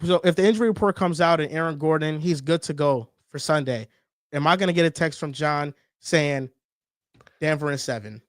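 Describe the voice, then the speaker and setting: A man hosting a casual sports debate show, talking in an animated, teasing, emphatic way. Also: on the high side, fairly quick, no echo, studio quality. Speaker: sports talk show host.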